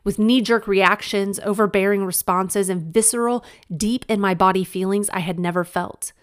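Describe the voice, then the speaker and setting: A woman's voice: medium pitch, steady tone, moderate pace, clean tone. A woman narrates her own book in an audiobook reading. Her delivery is frank and emphatic, with a wry sense of humor. She speaks directly to the listener in a conversational way.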